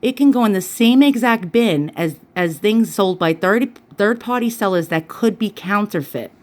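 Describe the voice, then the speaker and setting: A woman vlogger telling a personal story in a chatty, animated way, with lots of fillers and quoted dialogue. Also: mid-range voice, normal speed. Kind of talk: casual storytelling.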